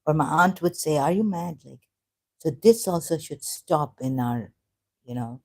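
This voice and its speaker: A native Urdu speaker with a dark, mellow tone and an ordinary middle pitch. The talk is a casual monologue on faith, hesitant and halting, with many fillers and self-corrections. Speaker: ex-Muslim vlogger.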